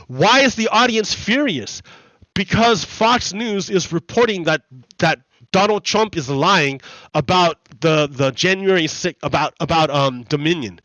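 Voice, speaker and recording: A man hosting a gaming channel, explaining in a repetitive, halting way full of restarts during casual commentary over gameplay. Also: fairly high pitch, expressive, sharp tone, dry recording, poor audio.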